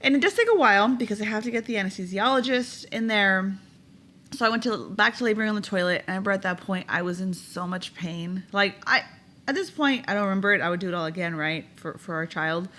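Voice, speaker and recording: A young woman with a bright, clear-edged voice shares a personal story on a podcast. She talks in a relaxed, candid way and often laughs mid-sentence. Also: mid-range voice, fast talker. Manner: chatty, candid, laughs while telling. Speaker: podcast co-host. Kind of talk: casual storytelling chat.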